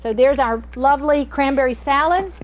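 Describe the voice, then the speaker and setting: A middle-aged woman with a high-pitched voice speaks at normal speed while teaching a casual cooking class. She's chatty and folksy, telling stories as she demonstrates. The audio is poor.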